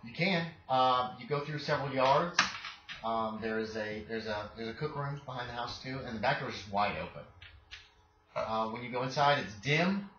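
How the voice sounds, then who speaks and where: Man running a tabletop game, echoey room. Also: medium pitch. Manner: casual, halting, filler-heavy narration. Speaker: game master. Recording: echoey, dull home recording with background noise.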